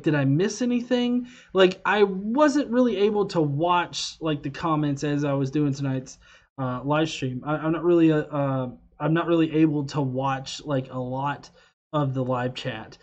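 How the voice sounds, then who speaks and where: A man's voice: on the high side, moderate pace, highs cut off. Rambling, profane male livestream host. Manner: rambling, profane, frequent fillers and restarts. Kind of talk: casual livestream chat.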